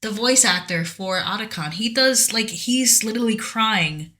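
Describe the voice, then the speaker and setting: A woman's voice: mid-range voice, expressive, normal speed, bright, forceful tone. A woman co-hosting a podcast, recapping a video game story in casual chat with an earnest, rambling manner and many restarts. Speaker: podcast co-host.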